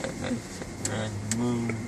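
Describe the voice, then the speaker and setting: A groggy young man fresh from wisdom teeth surgery, speaking at a crawl with slurred, goofy phrasing. His voice sits at a middle pitch. The home video has clear background noise under him. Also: completely flat delivery. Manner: slow, slurred, goofy loopy talk. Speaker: patient. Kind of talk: casual chat.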